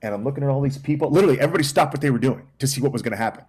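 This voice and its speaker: A man's voice: mid-range voice, rapid-fire, a little mellow, slightly rough. A man in his forties from Texas, a guest on a podcast, telling a story and acting out other people's lines, repeating phrases for emphasis. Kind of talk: casual storytelling chat.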